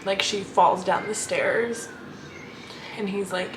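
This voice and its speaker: A young woman vlogging about her reading in an easygoing, unscripted way. She gushes and rambles, stringing thoughts together with constant fillers. Her voice sits at an everyday middle pitch. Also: steady tone, slow, background noise. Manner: gushing, rambling, many "like" fillers. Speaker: book vlogger. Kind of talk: casual reading vlog chat.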